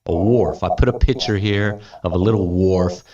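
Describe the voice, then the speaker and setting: A man's voice: deep voice, moderate pace, a crowd in the background. A male English teacher reading a story aloud, stopping to repeat and explain words, with frequent light laughs. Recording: dull lo-fi audio, distant mic.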